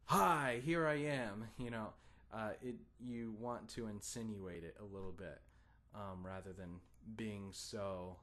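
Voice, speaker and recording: With a lowish voice, a man teaches guitar, offering steady patience and encouragement. He gives the count-in and vocalizes strum patterns in plain syllables, accenting some of the beats.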